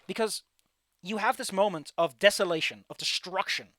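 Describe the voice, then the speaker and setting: High, bright-voiced ranting streamer man. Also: moderate pace, dry recording, studio quality. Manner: animated and ranting, swears freely. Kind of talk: casual let's-play commentary.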